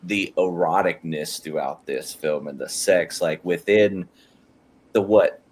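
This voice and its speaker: A man's voice: low-pitched, slow pace, darkish tone, a little hiss or hum. A man co-hosting a podcast, rambling casually about a film with restarts. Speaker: podcast co-host. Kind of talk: casual movie review chat.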